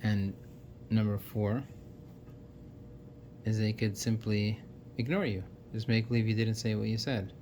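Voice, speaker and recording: A man with a somewhat low voice talks earnestly and casually. He lists his points one by one and often restarts his sentences. A faint low rumble sits under the recording. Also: fairly even intonation, a little slow, long pauses, a little mellow. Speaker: self-help speaker. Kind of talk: casual explanatory monologue.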